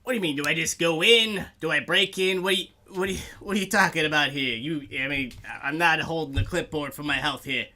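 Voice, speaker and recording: A man's voice: a little high, brisk, hardly any pauses, bright, forceful tone, pitched above the performer's own voice. A man voicing a sarcastic male orc doorman with a clipboard, pushy and mocking.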